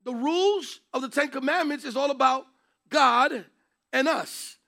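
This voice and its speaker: Male Bible teacher, very high gravelly voice, emphatic preacher delivery. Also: a little slow, bright, forceful tone. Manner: emphatic, preacherly, takes questions from class. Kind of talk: interactive Bible class teaching.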